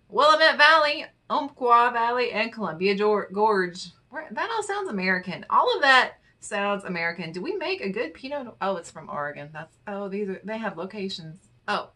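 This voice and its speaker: A woman's voice: medium pitch, pushed and bright. A woman vlogger chatting casually and playfully as she reads wine charts aloud, with muttered asides. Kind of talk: casual chat reading infographics aloud.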